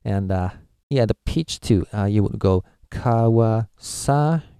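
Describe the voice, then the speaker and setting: A man's voice: on the low side, moderate pace, vocal fry, mellow, clear, resonant tone, no echo, studio quality. A man from Japan, a native Japanese speaker with a Japanese accent, giving a casual language lesson, hesitant with many filler uhs as he sounds out syllables. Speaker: language teacher.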